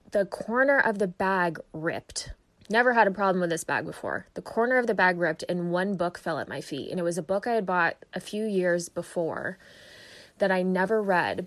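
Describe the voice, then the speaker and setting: A woman with a slightly lower voice tells her faith testimony in an earnest, heartfelt way. She talks conversationally, with fillers and restarts, and sometimes sounds emotional. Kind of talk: personal testimony, casual storytelling.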